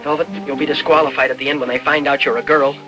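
An actor playing a protective male horse trainer in a film, talking in a brisk, commanding way. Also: on the high side, little pitch movement, over music, lightly acted, low-quality recording. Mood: urgent. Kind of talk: film dialogue.

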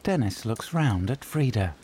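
A man reads audio description in neutral, scripted narration. His voice is mellow and sits at a middle pitch, with a faint hiss in the background. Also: a little slow. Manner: neutral, even delivery.

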